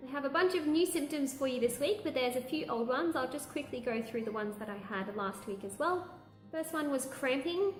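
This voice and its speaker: A woman's voice: high-pitched, roomy sound. A young woman, chatting candidly through a pregnancy update vlog and laughing now and then. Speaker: vlogger. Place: room at home.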